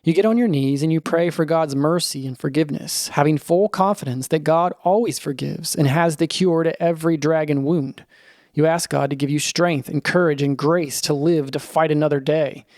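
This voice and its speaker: A man narrating a scripted children's story in the second person, in a lively storytelling manner. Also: on the high side, normal speed, no room sound, studio quality.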